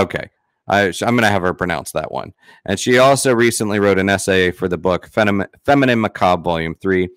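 A man's voice: fairly low pitch, a bit bright, clear, resonant tone, no room sound, clean studio sound. A man hosting a paranormal podcast, introducing his guest in a chatty, rambling way with self-corrections. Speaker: podcast host. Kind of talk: casual interview intro.

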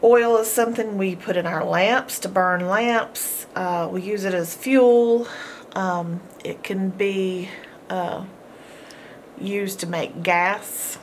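A woman teaching a homeschool phonics lesson, sounding out words slowly and encouraging her students. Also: mid-range voice, steady tone, slight background noise. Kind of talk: phonics lesson, slow and deliberate.

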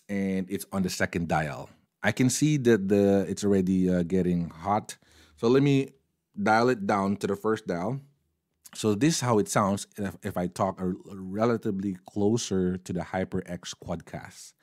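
Mixing Filipino phrases into his English, a chatty man reviews microphones from his desk at home, speaking at varying distances from the condenser mics set up there. He talks at a normal pace in a low, somewhat dark voice.

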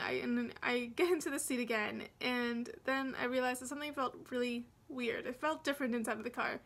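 A young woman with a high voice, narrating a storytime for her vlog. She talks in a chatty, rambling way and often restarts her sentences. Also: steady tone, fairly quick, few pauses, fairly bright tone. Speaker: vlogger.

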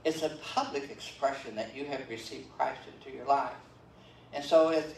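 Captured on a roomy, distant church livestream, an older pastor delivers a sermon in the sanctuary, chatting with many fillers and frequent "okay?" check-ins. He has a mid-range, creaky voice at a moderate pace, with a little hiss or hum in the audio.

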